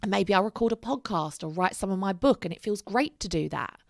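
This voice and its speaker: A woman's voice: mid-range voice, animated, a little fast, gravelly, no echo, studio quality. A young woman and mother of three talking candidly in a casual vlog, chatty and full of "like", with casual swearing. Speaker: single mother vlogger.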